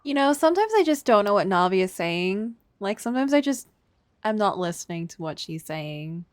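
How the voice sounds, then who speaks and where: A woman's voice: mid-range voice, big pitch swings, normal speed, dry recording. A woman streaming a game, chatting casually and joking with frequent giggles. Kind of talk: casual live-stream commentary. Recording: game music behind.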